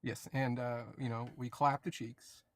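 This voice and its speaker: A man's voice: mid-range voice, level tone, a little slow. A man on a debate panel, arguing casually and assertively and stacking up facts and figures.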